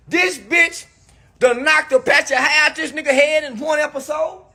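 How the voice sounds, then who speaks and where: A man telling profane stories in an animated, ranting monologue with loud outbursts. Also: very high-pitched, moderate pace, roomy sound, soft background music. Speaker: commentator.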